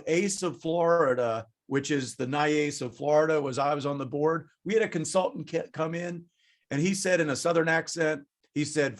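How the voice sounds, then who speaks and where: A man leads a conference session over a video call, talking in a bright, slightly raised voice. He jokes constantly and talks with his audience, lively and chatty throughout. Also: fairly high pitch. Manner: jokey, animated, chatty with the audience. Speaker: conference presenter. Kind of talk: lively webinar presentation.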